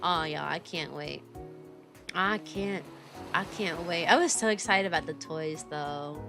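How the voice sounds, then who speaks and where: A young woman chatting casually on a livestream, bubbly and animated, laughing often as she reads viewer messages aloud. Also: sits low, measured pace, vocal fry, over music. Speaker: VTuber streamer and kindergarten teacher.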